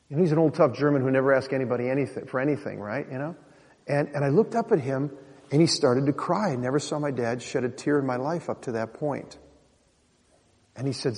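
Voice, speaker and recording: A man's voice: medium pitch, lively intonation, a little fast, a little mellow. A man from Minnesota giving an earnest personal testimony to an audience, talking to the crowd directly. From Minnesota, USA. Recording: long hall reverb.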